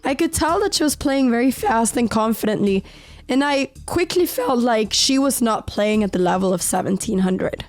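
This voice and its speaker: Woman, higher voice, slightly sick, occasional voice cracks, calm chess narration, faint music underneath. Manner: calm, measured storytelling of moves. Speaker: chess player narrating her game. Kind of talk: reflective voice-over narration. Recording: voice-over with faint background music.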